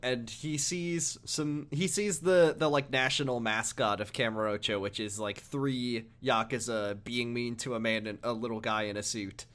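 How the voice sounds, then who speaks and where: A man's voice: moderate pace, hardly any pauses. A man co-hosting a casual podcast, recapping a game with jokes and frequent laughter. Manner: laughs often, jokey recaps with sudden high excited bursts. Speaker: podcast co-host. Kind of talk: casual chat.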